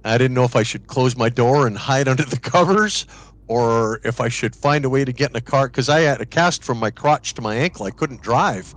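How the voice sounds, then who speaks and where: A man's voice: medium pitch, moderate pace. Man telling a spooky tale casually. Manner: lively storytelling, acts out quoted voices; restarts and repeats words when excited. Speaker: podcast co-host. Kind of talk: casual spoken ghost story.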